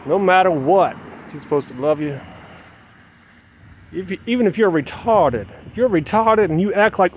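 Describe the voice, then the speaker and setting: Animated and slightly rough, this high male voice keeps a moderate pace and pauses often. He's vlogging as a mother outdoors at dusk, talking to the camera while setting up solar gear. The rambling monologue is self-talk full of repeated phrases, with mutters building into agitated outbursts.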